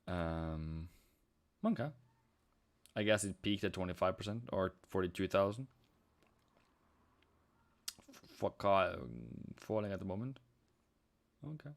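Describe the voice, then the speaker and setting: A man's voice: low-pitched, measured pace, pauses often. Chatty man streaming live trades. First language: Norwegian. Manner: chatty, reads chat aloud, sings snatches. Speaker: forex trading streamer. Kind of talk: casual live-stream commentary.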